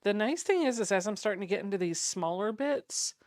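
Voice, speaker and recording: A woman's voice: mid-range voice, expressive, a little fast, a little mellow, dry recording. Chatty woman, dry close sound. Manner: chatty, laughing, self-mocking. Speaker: sewing vlogger. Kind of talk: casual chat while sewing.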